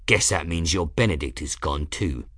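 A man voicing a gruff, foul-mouthed middle-aged ship engineer in an audiobook, snarling and growling. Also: a bass voice, lively intonation, moderate pace, a bit bright, no room sound, clean studio sound, pitched below the performer's own voice, full character voice. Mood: grumbling.

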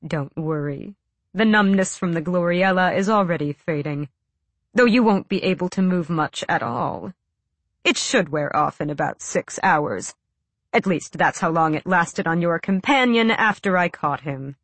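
A woman reading an audiobook voices a cool, bored, cruel male villain who speaks with soft, slow, silky menace. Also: fairly low pitch, expressive, no echo. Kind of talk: audiobook character voice.

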